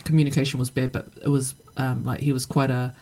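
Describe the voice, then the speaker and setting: A woman's voice: extremely low pitch, little pitch movement, quick pace, dark tone, low-quality recording. A middle-aged woman talking reflectively in a casual podcast conversation, with many fillers and restarts. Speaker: podcast guest.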